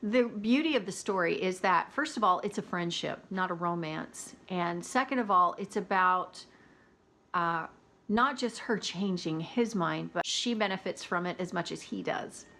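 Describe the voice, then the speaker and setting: A woman's voice: on the low side, unhurried, fairly bright tone. A woman talking casually about audiobooks she has read, chatty and opinionated, laughing now and then. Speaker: book reviewer. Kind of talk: casual book review chat.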